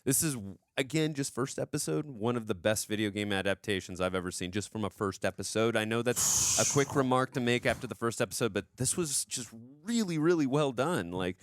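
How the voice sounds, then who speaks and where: A man's voice: medium pitch, expressive, fairly quick, few pauses, dry recording. A man co-hosting a casual review show, talking enthusiastically about an episode with many restarts and repetitions. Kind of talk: casual reaction review chat.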